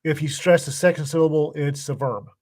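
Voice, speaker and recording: A man's voice: on the high side, a little fast, a little mellow. An older man co-hosting a casual podcast, grumpy and hesitant, dropping offhand swear words between ums. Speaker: podcast co-host. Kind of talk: casual chat.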